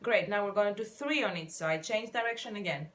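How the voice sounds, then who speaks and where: A woman vocal coach gently guiding listeners through a warm-up, counting and demonstrating each exercise in an encouraging way. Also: medium pitch, fairly quick. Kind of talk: guided vocal warm-up instruction. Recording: faint piano underneath.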